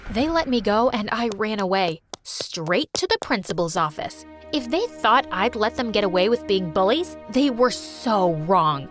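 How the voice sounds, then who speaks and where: A woman narrating a dramatic animated story in a scripted, expressive storytime style. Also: medium pitch, unhurried, hardly any pauses, soft background music.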